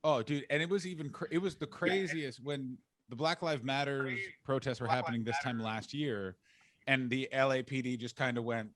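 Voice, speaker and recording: A man as a comedian guest on a podcast, telling stories in an animated, jokey way. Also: medium pitch, normal speed. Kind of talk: casual podcast chat.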